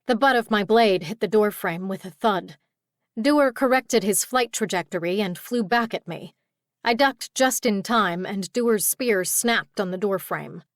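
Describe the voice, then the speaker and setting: A woman's voice: mid-range voice, measured pace, no room sound, studio quality. Woman narrating a fantasy audiobook. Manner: tired, exasperated heroine voice in dialogue. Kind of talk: first-person audiobook narration.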